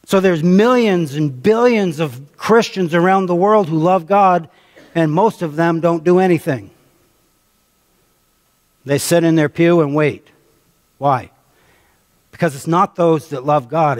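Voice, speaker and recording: A man's voice: on the high side, darkish tone. Preaching man in a reverberant church. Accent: American. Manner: conversational preaching, calls on the congregation, repeats phrases for emphasis. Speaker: pastor. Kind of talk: sermon. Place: church sanctuary. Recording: long reverb of a church hall.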